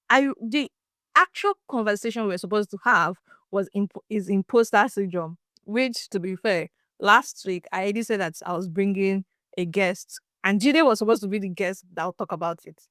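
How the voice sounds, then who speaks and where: A young woman from Nigeria with a Nigerian accent, hosting a podcast and telling a story in casual, animated chat. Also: mid-range voice, clear, resonant tone, no room sound, studio quality. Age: young adult. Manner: animated, laughs and restarts often. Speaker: podcast host.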